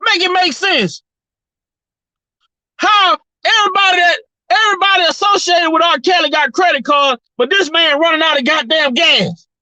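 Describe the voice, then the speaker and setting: Fired-up, high-voiced woman ranting. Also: moderate pace, pushed and bright, no echo, low-quality recording. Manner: profane, repetitive, fired-up. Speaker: commentary vlogger. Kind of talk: heated opinion rant.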